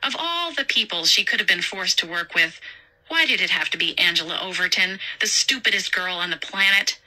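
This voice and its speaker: A woman narrating a suspenseful horror story in a measured storytelling voice. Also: lowish voice, lively intonation, pushed and bright, poor audio.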